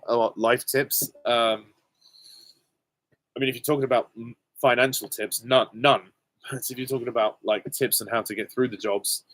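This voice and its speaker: A man's voice: mid-range voice, no echo. Hesitant young British man, dry sound. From Britain. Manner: hesitant, many ums, candid and self-deprecating. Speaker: channel host answering viewer questions. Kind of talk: casual live Q and A.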